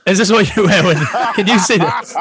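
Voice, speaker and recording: A co-host teases his guest in quick, joking banter. His voice is high and bright. The sound is close and dry. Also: slightly rough, dry recording. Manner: teasing, joking, says mate often. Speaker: podcast co-host. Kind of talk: casual banter.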